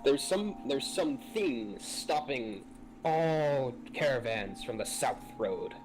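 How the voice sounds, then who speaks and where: Player in a tabletop game, man, hesitant and halting, faint music behind. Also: medium pitch, lively intonation, rough recording. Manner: hesitant, full of uhs and restarts. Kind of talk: casual tabletop play.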